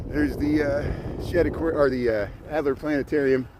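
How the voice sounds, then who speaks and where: A man with a somewhat high voice, fairly even intonation and moderate pace chats casually while livestreaming a bike tour along a city lakefront harbor, pointing out sights. His camera is mounted on the bike, and wind from riding plus traffic noise come through.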